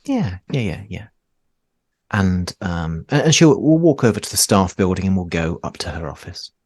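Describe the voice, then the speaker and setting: A man narrating as game master in a relaxed, hesitant way, with many fillers. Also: low voice, normal speed, husky, no echo.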